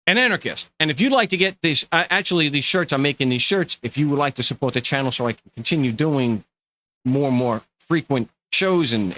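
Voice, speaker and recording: Speaking to camera on his own channel, a middle-aged podcast host with a Long Island New York accent delivers a casual, sarcastic monologue that rambles and restarts. His voice is medium-pitched and animated, and the recording sounds rough.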